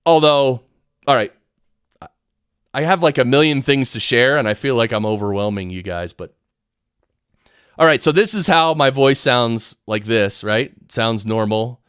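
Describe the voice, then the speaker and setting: A man with a smooth, resonant voice at an ordinary pitch, teaching podcast audio on a live stream in a home studio. He rambles excitedly and keeps breaking off his own sentences. The sound is close and dry, straight into a studio mic. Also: a little slow, long pauses, no room sound. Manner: rambling, excitable, self-interrupting. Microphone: studio mic through audio recorder.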